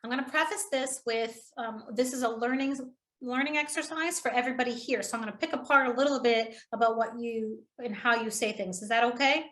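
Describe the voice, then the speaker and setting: A public speaking trainer hosts a live webinar, her high, bright voice moving fairly quickly. She stays upbeat and encouraging, laughing easily with participants while talking into a computer mic on a video call.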